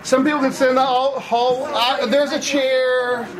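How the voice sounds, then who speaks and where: A man's voice: very high voice, little pitch movement, measured pace, recorded from a distance, crowd noise, poor audio. A man preaching a conversational sermon, asking the audience questions as he goes. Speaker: campus pastor. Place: room with seated audience.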